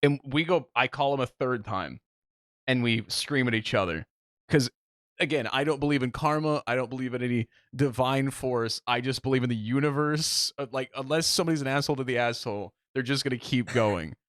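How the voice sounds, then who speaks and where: A young man co-hosting a podcast, telling a story in casual chat and acting out the quotes with big jumps in pitch. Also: brisk, a bit bright, no room sound, clean studio sound. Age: young adult. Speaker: podcast co-host.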